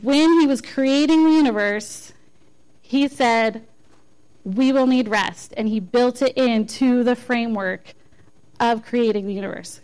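A woman delivers a church message in an informal, conversational way. Her voice sits a little high. She pokes fun at herself and often restarts her sentences. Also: a little slow, darkish tone, clean tone, low-quality recording. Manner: conversational, self-deprecating, with frequent restarts. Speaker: lay speaker giving a church message. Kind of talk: informal sermon.

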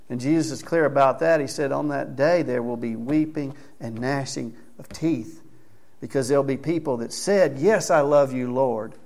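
A male pastor with a gravelly, slightly raised voice speaks to his congregation in a church. He talks in an easy, conversational way, calling people up by name, then moves into prayer. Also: fairly high pitch. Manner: conversational, calls out members by name. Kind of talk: sermon with congregation recognition. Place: church sanctuary.

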